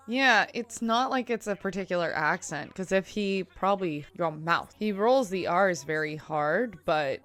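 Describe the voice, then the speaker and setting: A woman's voice: lowish voice, normal speed, a bit bright. Chatty young woman reacting with laughs. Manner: chatty, laughing often, asks many questions. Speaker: reaction vlogger. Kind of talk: casual reaction commentary.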